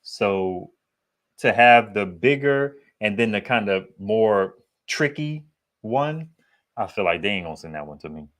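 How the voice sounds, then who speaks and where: A man with a deep, bassy voice chatting casually to his viewers about solar gear, rambling and slangy. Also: lively intonation, measured pace, fairly bright tone. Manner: rambling, digressive, slangy and candid. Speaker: solar equipment YouTuber. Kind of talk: casual vlog chat.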